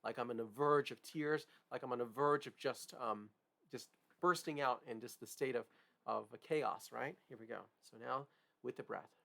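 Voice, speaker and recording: Male music teacher, gravelly voice, mid pitch, checks in with the class a lot. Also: steady tone, normal speed, a bit bright. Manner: explanatory, frequent "right?" and "okay?" check-ins. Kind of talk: piano lesson demonstration.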